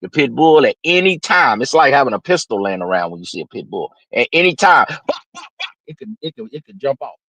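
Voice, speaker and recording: A man's voice: medium pitch, big pitch swings, brisk, dry recording, low-quality recording. Brash, slightly nasal man ranting. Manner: brash, preachy, swings from loud to muttered asides. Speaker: livestream host. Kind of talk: unscripted livestream rant.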